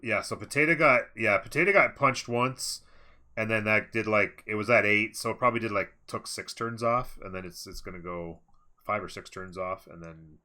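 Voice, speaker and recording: Male esports caster, deep and bright, casual rambling play-by-play. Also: moderate pace. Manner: casual, rambling, thinks aloud with fillers. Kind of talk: live game commentary.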